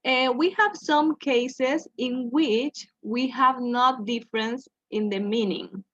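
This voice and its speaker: A woman teaching an English grammar lesson, speaking slowly and checking in with "okay" after each point. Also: a little high, a bit bright, dry recording. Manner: slow, repeats "okay" to check in with students. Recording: dull lo-fi sound.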